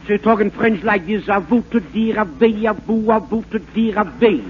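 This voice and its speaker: An actor playing a bumbling fake French professor, in rambling, stammering comic patter for a 1940s radio comedy. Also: male voice, high-pitched, a little fast, natural voice. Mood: mock-lecturing. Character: bumbling fake French professor, fast-talking huckster man. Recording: narrow-band scratchy 1940s radio broadcast.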